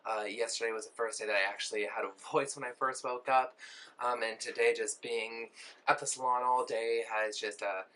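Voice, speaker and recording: A man talks through his makeup routine in a relaxed, rambling way, with plenty of "um" and "like." His voice is hoarse from a recent bout of laryngitis, yet it keeps a bright, forward tone at a middle pitch. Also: moderate pace, poor audio. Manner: chatty, many fillers, rambling asides. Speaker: beauty vlogger and cosmetologist. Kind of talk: casual get-ready-with-me chat.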